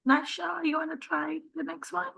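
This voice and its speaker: A woman's voice: extremely high pitch, fairly even intonation, normal speed, creaky, bright, forceful tone, rough recording. A woman moderating an online workshop over a video call, calling on participants one by one by name. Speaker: session moderator.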